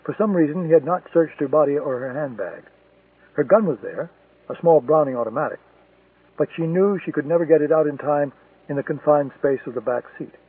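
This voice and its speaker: A man narrating a thriller audiobook in a steady, measured storytelling manner. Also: a little high, slightly rough. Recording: tinny, distant, dry lo-fi recording.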